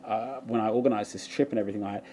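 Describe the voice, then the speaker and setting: A man's voice: fairly low pitch, fairly even intonation, very fast, warm tone, slight background noise. A young Australian man chatting casually on a livestream, telling a rambling story and laughing often. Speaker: vlogger.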